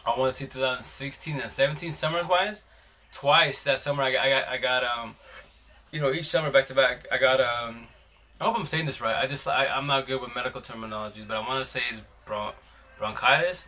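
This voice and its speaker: A man's voice: mid-range voice, fast, pushed and bright, slight background noise. A man hosting a live stream, casually telling a long story in a rambling, slangy way with many restarts.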